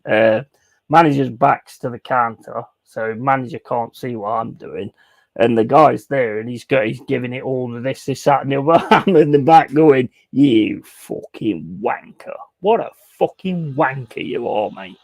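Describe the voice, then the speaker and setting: A laddish man on a casual live stream, his voice a bit rough and gravelly. He rambles through a story, swearing freely, with asides like "and all this, that and the other." The sound is close and dry, with no room around him. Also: medium pitch, fairly even intonation, normal speed, dry recording. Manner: rambling anecdote with repeated asides. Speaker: streamer playing a football management game.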